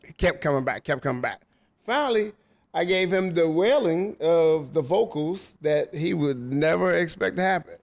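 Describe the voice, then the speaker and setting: A man, a DJ guesting on a casual podcast at a hotel rooftop lounge, telling stories in an animated way, acting out quotes and laughing often. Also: on the high side, creaky.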